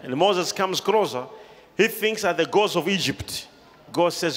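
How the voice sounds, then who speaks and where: A man preaching a sermon to a congregation, shouting and calling for responses. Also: high-pitched, lively intonation, unhurried. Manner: emphatic call-and-response preaching, often shouting. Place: large hall with a congregation. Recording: reverberant hall, crowd noise behind.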